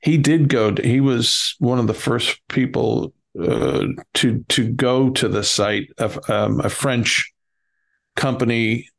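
A middle-aged man with a Bronx accent, cohosting a podcast in casual chat, halting with many stammered restarts. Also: mid-range voice, creaky.

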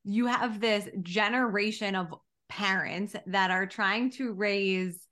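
A woman's voice: medium pitch, slow. A young adult woman co-hosting a podcast as a dietitian, talking in casual chat with lots of fillers and some swearing. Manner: animated, filler-heavy, swears.

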